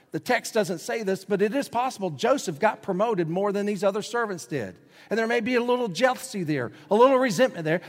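Man preaching in a reverberant hall. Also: on the high side. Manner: dramatic preaching, swings from loud emphatic to hushed. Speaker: pastor. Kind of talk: sermon.

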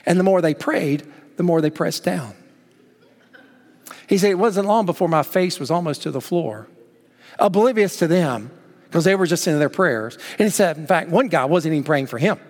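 A man preaching a sermon as pastor, urging his listeners on and telling a story in lively acted quotes. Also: a little high. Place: church sanctuary. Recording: long hall reverb.

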